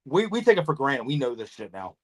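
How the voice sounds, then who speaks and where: A man hosting a casual podcast chat, telling animated stories, swearing freely and acting out conversations. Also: mid-range voice, brisk. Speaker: podcast host, snake breeder.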